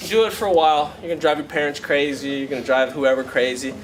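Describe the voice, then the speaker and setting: A man's voice: on the high side, steady tone, quick pace, a little hiss or hum, poor audio. Chatty man teaching flamenco guitar. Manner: chatty, encouraging, with frequent "right?" and "okay?". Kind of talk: casual workshop teaching. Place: workshop room. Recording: loud guitar under the voice. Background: guitar playing.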